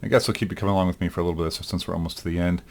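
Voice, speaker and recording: A male instructor with a deep, low voice walks through a software demo in a recorded lecture. He thinks aloud in an easygoing way. He often pauses on "um" as he works. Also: gravelly. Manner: thinks aloud, relaxed, with frequent ums. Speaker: animation instructor.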